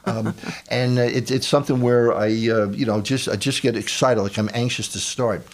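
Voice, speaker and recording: A man's voice: mid-range voice, steady tone, normal speed. A man hosting a radio health show, chatting casually and often repeating words as he starts sentences.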